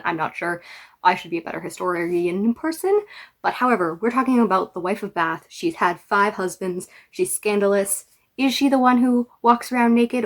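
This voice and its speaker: A young woman chatting to camera about her reading list, chatty and wry, with playful asides and the odd whispered word. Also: fairly low pitch. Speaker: book vlogger. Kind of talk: casual book talk to camera.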